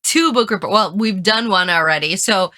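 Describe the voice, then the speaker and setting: A woman's voice: medium pitch, normal speed, pushed and bright. A woman co-hosting a book podcast in casual chat, her voice stuffy and congested from allergies, with dry, wry asides. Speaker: podcast co-host.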